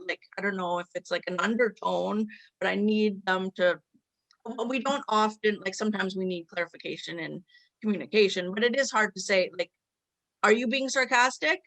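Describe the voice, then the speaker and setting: A woman's voice: mid-range voice, moderate pace, a bit bright, no room sound. A woman hosting a casual conversation, earnestly explaining at length with quoted examples. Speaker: host.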